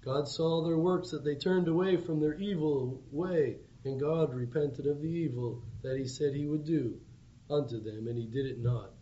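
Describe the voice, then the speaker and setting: Earnest, pleading male preacher, mellow tone. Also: a little high, moderate pace. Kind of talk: evangelistic sermon. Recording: dull lo-fi recording with faint background hum.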